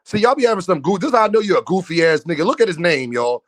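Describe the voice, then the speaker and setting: A man's voice: sits high, very animated, racing, a bit bright, no echo, studio quality. A man hosting a boxing livestream, ranting at his viewers in a brash, profane, mocking way. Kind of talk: heated livestream rant at viewers.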